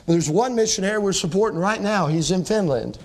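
A male pastor preaching a sermon, earnest and emphatic, slowing down on key words and quoting scripture. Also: high voice, expressive.

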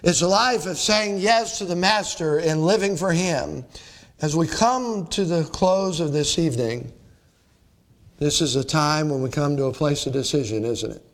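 This is a man's fairly high voice, a pastor giving a sermon during an evening church service. His pacing is practiced: emphatic, resonant high points give way to hushed stretches delivered low and slowly.

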